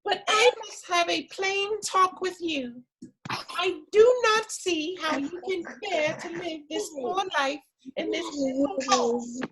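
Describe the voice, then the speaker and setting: A man's voice: very high voice, fairly bright tone, pitched above the performer's own voice, exaggerated voice, poor audio. A man voicing a small, boastful male city mouse in a storybook read-aloud, pompous and coaxing.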